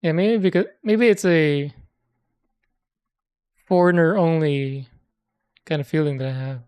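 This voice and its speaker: A woman in casual conversation, speaking in a relaxed, thoughtful way. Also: sits low, measured pace, clean tone. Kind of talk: casual chat.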